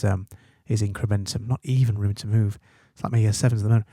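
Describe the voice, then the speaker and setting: A man with an English accent, an English teacher talking through a literary text in a relaxed way, thinking aloud with fillers and tag questions. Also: lowish voice, fast, gravelly, hardly any pauses, no room sound, studio quality. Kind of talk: study guide commentary on a text.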